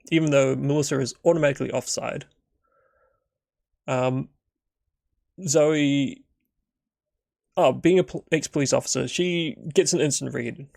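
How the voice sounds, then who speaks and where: Gravelly-voiced guy rambling through a solo tabletop session, dry close sound. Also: on the high side, a little mellow, dry recording. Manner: rambling, full of fillers. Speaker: game master. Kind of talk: solo tabletop game narration.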